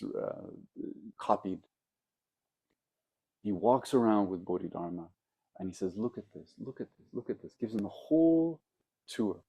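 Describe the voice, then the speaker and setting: A Zen teacher with a low, mellow male voice gives a dharma talk. He tells old stories slowly and reflectively, pausing to let points sink in. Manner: reflective storytelling with pauses.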